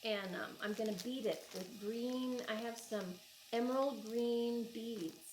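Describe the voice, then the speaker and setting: A woman's voice: a little high, fairly even intonation, unhurried, darkish tone, slight background noise, rough recording. Chatty Oklahoman woman gushing over yarn. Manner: chatty, gushing, thinks aloud. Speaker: crochet vlogger. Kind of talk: casual chat unboxing yarn. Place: home.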